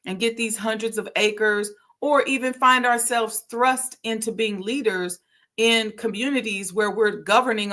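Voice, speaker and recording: A middle-aged woman hosts a history talk, lecturing in a loose conversational way. She drops into slang and laughs easily. Her voice sits at an ordinary pitch for a woman. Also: bright, forceful tone. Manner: conversational, preachy, laughs often, slips into slang. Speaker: historic preservation consultant and channel host. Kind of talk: casual teaching talk.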